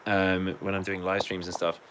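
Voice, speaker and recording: A man's voice: low voice, completely flat delivery, moderate pace, very noisy. An English man chatting casually on a livestream, rambling, joking, swearing and reading viewer comments aloud. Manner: rambling, sweary, jokey, reads chat aloud. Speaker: livestreaming musician.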